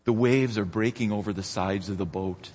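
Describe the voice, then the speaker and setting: A man preaching a sermon as pastor, dramatic and rising toward near-shouts when he retells scenes. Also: lowish voice, normal speed. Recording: long reverb of a church hall.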